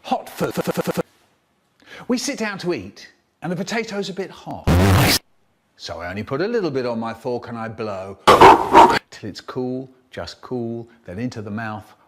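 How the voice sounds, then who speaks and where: Animated playful man telling comic stories. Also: medium pitch, normal speed, heavy background noise. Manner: animated, playful, with sound effects and character voices. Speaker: storyteller. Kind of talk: comic storytelling performance.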